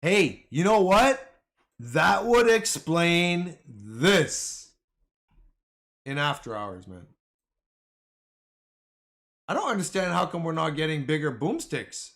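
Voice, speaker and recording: Excitable man talking stocks to his chat. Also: a little high, takes it slowly, vocal fry, pauses often. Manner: excitable, talks back to the chat with slang. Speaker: stock market streamer. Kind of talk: casual livestream commentary to viewers.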